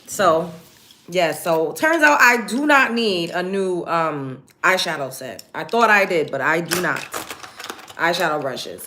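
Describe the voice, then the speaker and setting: A woman hosting a casual get-ready-with-me live stream, chatting directly to her viewers in an animated way. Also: fairly low pitch, unhurried, noisy background.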